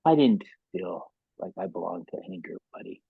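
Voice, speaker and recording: A man with a Canadian accent hosting a podcast, speaking in a halting, heartfelt way that often repeats words. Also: low-pitched, expressive, creaky, slightly rough, no echo. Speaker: podcast host. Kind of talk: casual interview chat. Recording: tinny dry remote call line.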